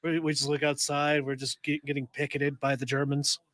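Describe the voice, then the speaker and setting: A man co-hosting a podcast in casual chat, jokey and excitable. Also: a little high, brisk, dry recording. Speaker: podcast co-host.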